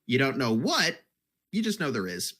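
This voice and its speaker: A man's voice: mid-range voice, huge pitch swings, moderate pace, fairly bright tone. A man narrating a tabletop game as game master, rambling and restarting his phrases.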